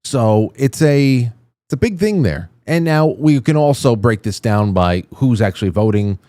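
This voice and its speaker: Male show host, mid-pitched, close dry mic, indignant and profane political rant. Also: expressive, a little slow, dark tone, no echo. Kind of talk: opinionated political commentary.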